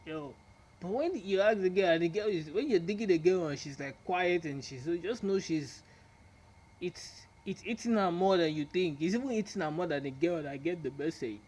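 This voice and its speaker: Rambling young man with a fairly high voice. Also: expressive, normal speed, a little mellow. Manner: rambling, laughs often, acts out quotes in a low drawl. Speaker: vlogger. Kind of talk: casual monologue to camera.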